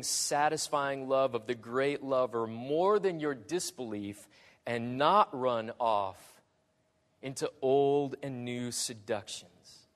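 A man preaching a sermon in slow, deliberate phrases that swell dramatically and then drop quiet. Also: medium pitch, in a large hall.

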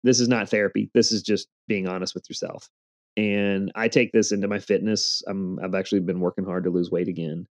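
A man's voice: sits low, fairly even intonation, fairly quick. A man in his forties telling earnest stories in a casual interview, with a motivational tone. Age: 40s. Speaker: podcast guest.

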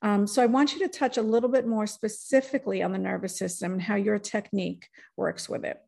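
Woman, podcast host, casual chat, gravelly edge. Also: medium pitch, steady tone, brisk, mellow. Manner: chatty, interjects with short agreements.

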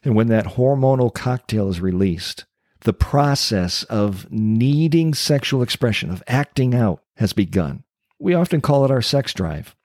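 A man in his sixties, a former pastor and ministry coach, giving an earnest personal testimony with slow, emphatic pauses. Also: medium pitch, animated, a little mellow, dry recording, studio quality.

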